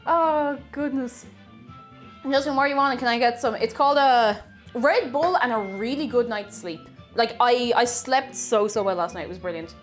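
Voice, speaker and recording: A woman's voice: fairly high pitch, measured pace, faint music behind. A young woman from Ireland chatting casually on a live stream, reading chat aloud and giggling often as she bakes.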